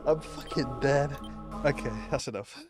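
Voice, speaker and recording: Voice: mid-range voice, measured pace, over music. A streamer commentating live while playing a game, laughing often, swearing and repeating "wait".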